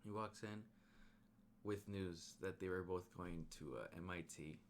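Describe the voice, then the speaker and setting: Casual male movie reviewer, very low voice, chatty rambling recap, slangy delivery. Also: unhurried, slight background noise. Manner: rambling, animated retelling with slang and restarts.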